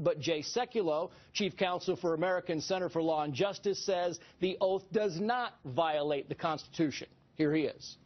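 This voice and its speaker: A man reads out a news report in a measured, formal way. His voice sits high for a man. The broadcast audio sounds dull and lo-fi. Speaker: news correspondent.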